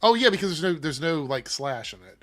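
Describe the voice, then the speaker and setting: Animated man reading news on a livestream. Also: a little high, a little fast, soft background music. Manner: animated, reads articles aloud with asides. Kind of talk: casual livestream commentary.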